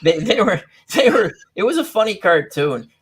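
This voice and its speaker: A man's voice: sits high, very animated, moderate pace, a bit bright, husky. Rambling, giggly male chat host. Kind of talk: casual chat.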